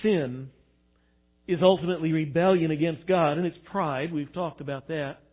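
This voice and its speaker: A man preaching a sermon, animated, swinging between quiet reflection and loud emphasis. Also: a little high, normal speed. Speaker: pastor. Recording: tinny phone-like sound.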